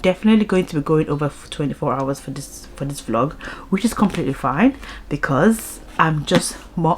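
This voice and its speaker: A young woman chatting excitedly at home in a casual reading vlog, rambling and restarting as she gushes about books. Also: deep voice, slight background noise. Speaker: book vlogger. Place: home, indoors.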